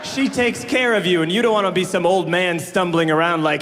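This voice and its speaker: A man's voice: sits high, fairly quick. A man doing a stand-up set with a dry, wry, roasting delivery. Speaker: stand-up comedian. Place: comedy club stage. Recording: live club with loud crowd laughter.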